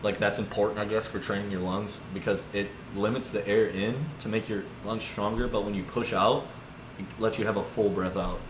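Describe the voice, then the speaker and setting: Guy in his 20s yapping stories, lots of "like" and "dude", kinda low voice, echoey room w/ noise. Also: a little fast. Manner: rambling, lots of "like" and "dude", animated retelling. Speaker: podcast co-host. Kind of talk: casual storytelling chat.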